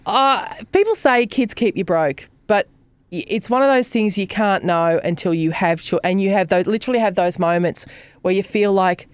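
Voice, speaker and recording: Middle-aged woman, podcast co-host; lively, sweary storyteller, dry studio sound. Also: medium pitch, moderate pace, clean tone, dry recording. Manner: swearing, animated storytelling with acted-out quotes. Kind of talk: casual chat.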